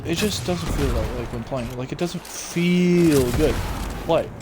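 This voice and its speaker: A young man hosting his own casual talk show, rambling excitedly about games with lots of fillers. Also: a little high, measured pace. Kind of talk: casual solo gaming chat. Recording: noisy home recording.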